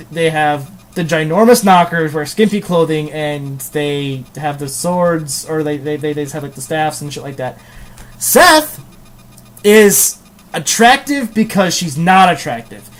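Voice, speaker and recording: A young man hosting a casual video game review, rambling with frequent ums, restarts and crude jokes. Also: on the high side.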